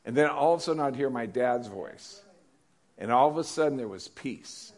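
A man's voice: mid-range voice, expressive, normal speed. A male pastor preaching a conversational sermon, often repeating questions to the congregation.

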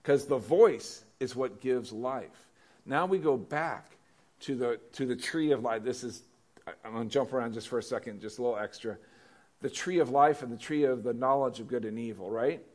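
A man's voice: medium pitch, moderate pace, a little mellow. Guy preaching a sermon, chatty, asking the congregation stuff as he goes. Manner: conversational preaching with questions to the congregation. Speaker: pastor.

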